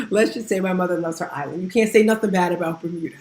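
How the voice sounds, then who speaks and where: A woman's voice: on the low side, fast talker, darkish tone, reverberant. A woman hosting a casual online audio room, upbeat and chatty, laughing often. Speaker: host.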